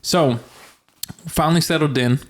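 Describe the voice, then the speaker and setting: A man co-hosting a podcast, casually telling a story in a relaxed, joking way with some swearing. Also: fairly high pitch, measured pace. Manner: laid-back, swears casually, laughs often. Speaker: podcast co-host. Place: new apartment room.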